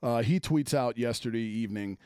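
A man's voice: mid-range voice, brisk, dark tone, clear, resonant tone, dry recording, studio quality. A man ranting about sports as a host, blunt and exasperated, swearing freely. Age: adult, former offensive lineman. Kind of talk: profane sports rant.

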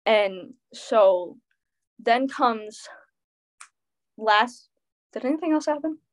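A teenage girl tells a personal story in relaxed, chatty talk. Her voice sits a little high, and she keeps it animated with quoted back-and-forth and constant fillers. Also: takes it slowly. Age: teens. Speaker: teen guest. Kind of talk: casual chat.

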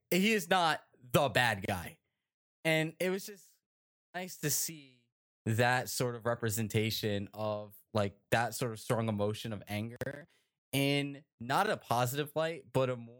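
A man hosting a casual group chat show, talking in an animated, rambling way with many fillers and tag questions. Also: mid-range voice. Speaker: podcast host.

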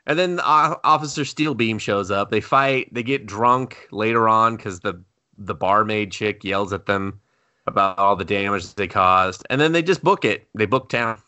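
A man's voice: on the low side, unhurried, pushed and bright, no room sound. A man co-hosting a podcast, recapping an anime episode in casual chat, swearing and acting out quotes in exaggerated voices. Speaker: podcast co-host.

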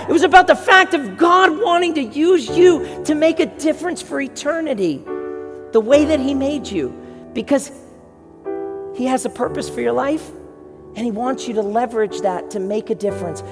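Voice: mid-range voice, expressive, moderate pace. A preacher delivering an impassioned sermon full of repeated exhortations. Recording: long hall reverb, clear music behind.

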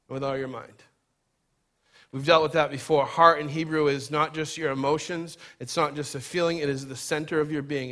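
A man preaching with a high, bright voice. He is emphatic and shifts from loud urgency to quiet, low stress. He acts out quoted voices in a casual way. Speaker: pastor. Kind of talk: sermon.

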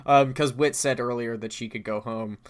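A man's voice: mid-range voice, steady tone, moderate pace. A man co-hosting a podcast, making dry jokes and laughing as he recaps an episode. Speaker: podcast co-host. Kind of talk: casual chat recapping a radio drama episode.

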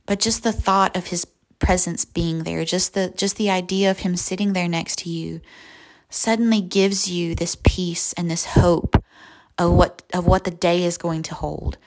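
Young woman talking slow and soft, little gravelly, guided visualization kinda devotional. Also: on the low side, steady tone. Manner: slow, soft and reflective, often near a whisper. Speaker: podcast host.

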